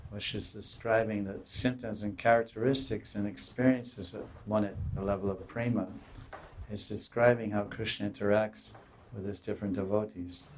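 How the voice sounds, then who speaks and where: A man's voice: on the low side, a little hiss or hum. A man giving a devotional lecture on scripture. He often restarts and searches for words, and he rises into pleading voices when he quotes the devotees in his stories.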